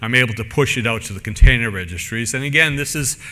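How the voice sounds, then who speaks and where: A man's voice: medium pitch, quick pace, bright, forceful tone, big-room sound. A man giving a technical conference talk in a casual, rambling way, full of fillers and restarts. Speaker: conference speaker. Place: conference room.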